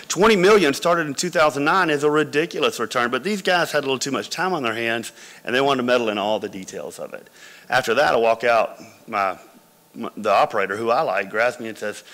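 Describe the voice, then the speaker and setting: A man's voice: mid-range voice, animated, fairly quick, fairly bright tone. A man, a company founder, giving a conversational business talk full of anecdotes to MBA students, with hall reverb around him.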